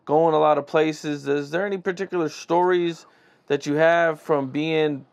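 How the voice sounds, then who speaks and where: A male interviewer with a gravelly, fry-heavy voice that sits somewhat high. He asks his questions slowly and stretches them out. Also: steady tone.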